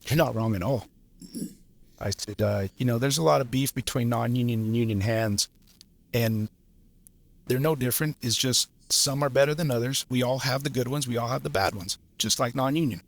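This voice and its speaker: A man around fifty, a journeyman lineman and podcast guest, telling stories in a blunt, profane, animated way. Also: mid-range voice, normal speed. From Los Angeles area. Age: 50s. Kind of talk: casual storytelling chat.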